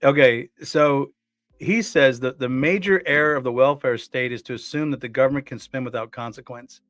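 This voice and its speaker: A man's voice: mid-range voice, moderate pace, a bit bright, dry recording, studio quality, faint music behind. Earnest man co-hosting a talk show. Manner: earnest, repeats words and restarts. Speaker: co-host. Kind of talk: casual conversational commentary.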